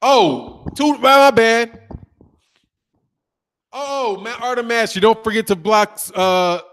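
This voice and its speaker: Very high-pitched and slow, this boxing-channel host in his thirties reads a live chat aloud. His talk is casual, animated, and profane, with lots of trash talk and frequent laughing.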